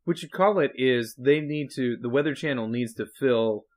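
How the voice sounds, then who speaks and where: A man's voice: medium pitch, moderate pace. Dry-humored man, podcast co-host. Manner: dry, teasing interjections. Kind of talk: casual chat.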